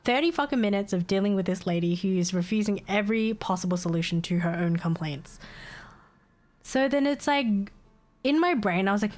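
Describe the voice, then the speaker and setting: A woman streamer chatting to her viewers in an exasperated, foul-mouthed storytelling way, breaking into laughs often. Her voice sits at an ordinary middle pitch. Faint music plays softly underneath. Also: expressive, fairly quick. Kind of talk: casual storytelling to stream chat.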